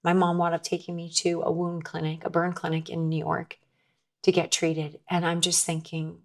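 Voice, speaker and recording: A woman's voice: on the low side, monotone, normal speed. A woman guest in a conversation, telling her personal story in an earnest, emotional way, often restarting her sentences. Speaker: podcast guest.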